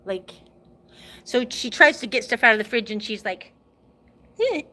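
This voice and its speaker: With a slightly high, pushed, bright voice at a moderate pace, this middle-aged Utah woman hosts a live stream during an outdoor walk. She's winded from exercising, chatters rambling into her phone, and laughs a lot.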